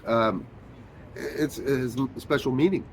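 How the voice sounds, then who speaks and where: A man being interviewed about his one-man show, telling stories in a relaxed, chatty way with plenty of fillers and little acted-out quotes. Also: mid-range voice, unhurried, crowd noise. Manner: storytelling, acts out quoted voices, frequent fillers. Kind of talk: casual interview chat.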